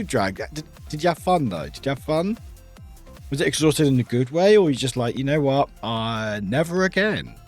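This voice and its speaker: A young British man streaming and chatting with his viewers, teasing them playfully and switching between loud outbursts and quiet mumbles. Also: fairly high pitch, husky. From United Kingdom. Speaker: livestreamer. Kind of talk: casual chat with viewers. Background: faint music.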